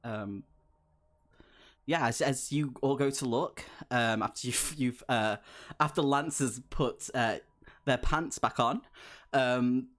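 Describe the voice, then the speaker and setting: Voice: medium pitch, slow. A game master narrating a tabletop horror game in a loose, rambling way, full of "um" and "like".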